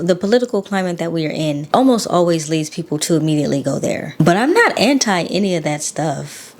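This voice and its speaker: A woman's voice: lowish voice, a little mellow. A woman hosting a casual TV-show commentary video, chatty and opinionated as she shares her thoughts. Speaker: YouTube host.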